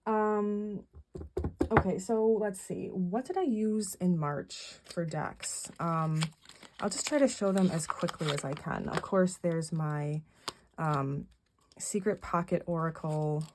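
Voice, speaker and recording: A woman's voice: on the low side, slow, noisy background. A middle-aged woman, rambling through a casual monthly recap vlog with lots of fillers and restarts. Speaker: vlogger.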